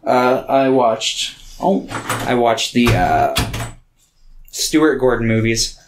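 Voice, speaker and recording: A podcast co-host rambles through a casual chat, his mid-range voice very animated but slow, with background noise behind him. He's loose and meandering, packing in fillers and swearing casually as he goes.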